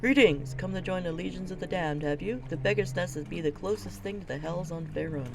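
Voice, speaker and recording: A woman's voice: lowish voice, fairly quick, music in the background, lightly acted. A woman reading the part of a weary, blunt male gate captain in a fantasy video game, speaking in a curt and dismissive way. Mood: grim.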